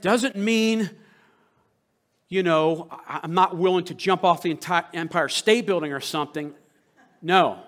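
An American man, a rabbi, preaching a sermon with passion and rhetorical questions, swinging between loud and hushed. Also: high voice, unhurried. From United States.

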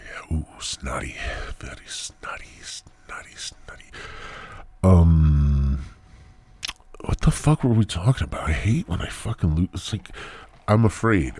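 Man, podcast host, crude rambling monologue, low husky voice, dry close sound. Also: warm tone, no echo. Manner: profane, rambling, drifting into mumbled asides. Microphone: new headset mic.

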